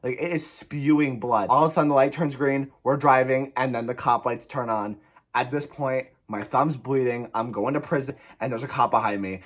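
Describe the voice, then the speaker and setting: A man's voice: mid-range voice, moderate pace. Young man telling a profane storytime. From New Jersey. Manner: animated, profane, rambling. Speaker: vlogger. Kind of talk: storytime vlog.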